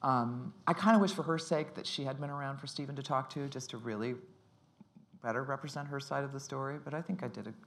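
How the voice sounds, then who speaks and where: A woman's voice: rumbling low, fast, vocal fry. A middle-aged actress talking casually in an interview, rambling and restarting her sentences, often laughing.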